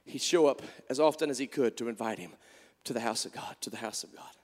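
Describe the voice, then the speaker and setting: A man preaching a sermon, moving between quiet storytelling and shouted, impassioned calls. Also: medium pitch, fast, in a large hall. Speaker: pastor. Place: church.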